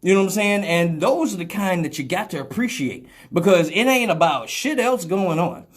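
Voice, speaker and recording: A woman's voice: lowish voice, animated, normal speed. A woman hosting a live radio talk show, blunt and profane, rambling, laughing often and slipping into mock voices as she talks.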